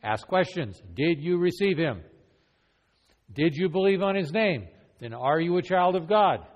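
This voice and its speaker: Unhurried, with a fairly high pitch and lively intonation, a man runs a church evangelism training class built on classroom teaching and role-play. He keeps questioning the group in an earnest, conversational way. The recording has its highs cut off and a long hall reverb.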